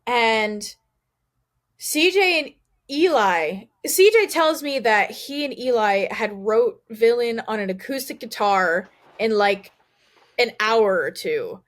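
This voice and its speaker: A young woman, a band singer, chatting casually as an interview guest, telling stories with lively quoted dialogue and casual swearing. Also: a little high, slow. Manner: animated storyteller, swears casually, quotes others.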